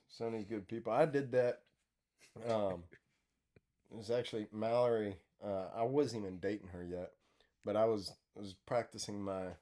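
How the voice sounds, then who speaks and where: A young man hosting a casual breakfast podcast chat and telling animated stories with frequent laughter. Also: on the low side. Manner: animated storyteller, laughs a lot, restarts often. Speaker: podcast host.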